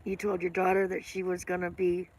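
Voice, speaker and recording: A woman's voice: lowish voice, completely flat delivery, brisk, darkish tone, slight background noise. An older woman hosting a casual live stream, rambling and chatting with viewers by name, with a smoker's cough.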